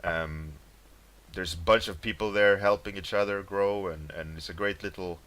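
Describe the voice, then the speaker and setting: Man, deep voice, bright tone, casual stream chat, rambling, faint noise. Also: steady tone, normal speed. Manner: rambling, laughs often, reads chat names aloud. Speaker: livestreaming artist.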